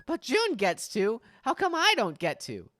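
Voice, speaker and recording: A woman's voice: wildly swooping pitch, unhurried, fairly bright tone, dry recording, clean studio sound, heavily acted. Woman doing a stubborn, defiant young girl. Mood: indignant. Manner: shrill, outraged protests.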